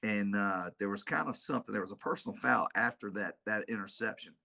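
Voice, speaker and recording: A man's voice: a little fast, vocal fry. A man, a head football coach telling stories as an interview guest. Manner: animated storyteller, acts out quotes with big pitch jumps. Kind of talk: casual storytelling interview.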